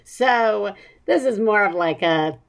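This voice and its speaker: A woman's voice: medium pitch, expressive, takes it slowly, creaky. A woman hosting a parenting podcast in casual chat, rambling and self-mocking and often laughing as she talks. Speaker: podcast host.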